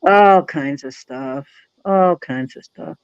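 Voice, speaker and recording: A woman from the United States chatting casually about her crafts in a relaxed, matter-of-fact way. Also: low-pitched, slow pace, smooth, dry recording, highs cut off. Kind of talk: casual chat.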